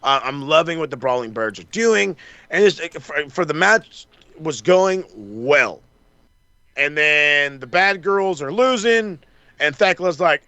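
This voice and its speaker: A man co-hosting a podcast, recapping wrestling in a casual, animated and profane way, acting out the wrestlers' lines. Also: fairly high pitch, unhurried, no room sound. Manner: animated, swears a lot, acts out wrestlers' lines. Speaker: podcast co-host.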